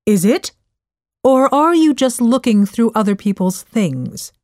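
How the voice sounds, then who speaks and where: A woman's voice: fairly high pitch, big pitch swings, unhurried, a little mellow, no echo, pitched above the performer's own voice. A woman reading a story, voicing a curt, commanding male soldier in a voice close to her own. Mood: stern. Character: brisk male soldier on duty.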